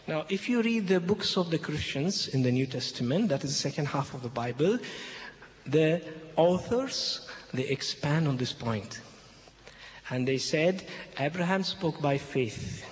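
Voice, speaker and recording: Addressing an audience, a man with a somewhat high, lively voice unhurriedly explains a Bible passage in emphatic, slightly broken English, repeating key phrases and checking in with "okay?" His voice echoes through a large hall with a long reverb tail over a faint background hum.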